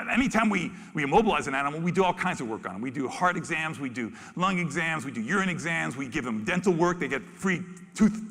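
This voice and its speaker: A man giving a lively, storytelling talk from an expo stage as a zoo spokesperson, acting out animals in funny voices. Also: sits high. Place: expo main stage in a large hall. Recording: reverberant large hall.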